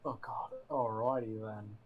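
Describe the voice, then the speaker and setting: A man's voice: lowish voice, fairly even intonation, a little slow, phone-quality sound. A man chatting casually as a tabletop game player, exasperated and joking. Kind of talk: casual chat.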